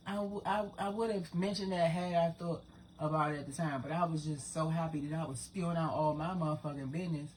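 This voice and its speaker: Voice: mid-range voice, a little mellow, a little hiss or hum. A person in their forties, hosting their own channel, talking to viewers in a casual, profane, rambling spiritual monologue. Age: 40s. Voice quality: profane, rambling, streetwise talk.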